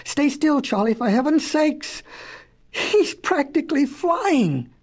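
A woman voicing an excitable, absent-minded male professor inventor in a storybook reading, stammering and exclaiming. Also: high-pitched, slow, pitched above the performer's own voice, heavily acted. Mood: excited.

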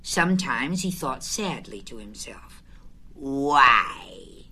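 A woman narrating a storybook chapter aloud in an expressive, unhurried way. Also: low-pitched, a little hiss or hum.

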